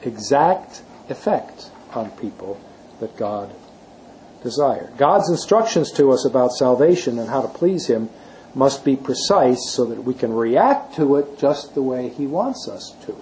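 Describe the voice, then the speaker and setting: A man with a warm, mellow voice teaches a class, explaining step by step. He leans on key words for emphasis and keeps asking his listeners rhetorical questions. A faint hum of room noise sits behind him. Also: medium pitch, expressive, normal speed, rough recording. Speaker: Bible teacher. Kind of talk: classroom lecture.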